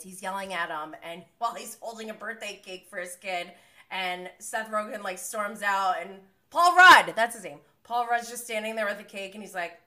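Young woman, casual live recapper, bright tense tone, blunt and sweary. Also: medium pitch. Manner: animated, blunt and swears freely. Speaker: live-streaming reality TV recapper.

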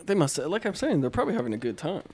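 A man's voice: on the high side, big pitch swings, racing, darkish tone, husky. A young man chatting casually on a podcast, laid-back, swearing a lot and laughing often. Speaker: podcast co-host. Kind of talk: casual chat.

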